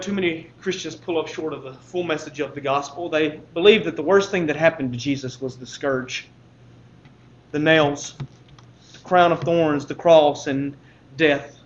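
A man's voice: a little high, dull audio. A man preaching a sermon, building with repetition into fervent, impassioned appeals.

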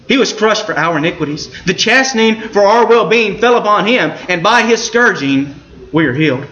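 A man preaching a sermon in an earnest, measured way, slowing down for emphasis. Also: sits high, sharp tone, reverberant, muffled recording.

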